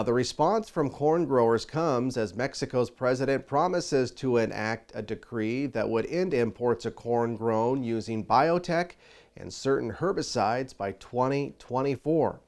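Smooth-voiced male farm news anchor. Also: mid-range voice, a little mellow. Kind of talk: scripted news reading.

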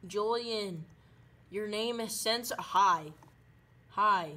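A woman doing loud, silly running commentary while playing a game. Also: medium pitch, very slow, faint music behind. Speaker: gaming video creator.

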